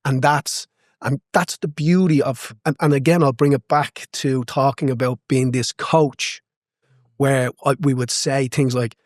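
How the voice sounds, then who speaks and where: A man's voice: medium pitch, steady tone, measured pace, dry recording, clean studio sound. A man, a boxing coach, talking as a guest in a podcast interview, passionate and emphatic, repeating phrases to drive home his point.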